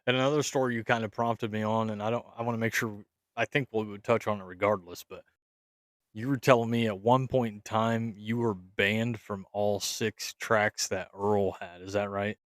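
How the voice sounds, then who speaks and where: A man co-hosting a podcast who asks a guest about a story in a halting, casual way. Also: fairly low pitch, fairly even intonation, a bit bright, dry recording, clean studio sound. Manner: halting, restarts before asking. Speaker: podcast co-host. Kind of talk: casual interview questions.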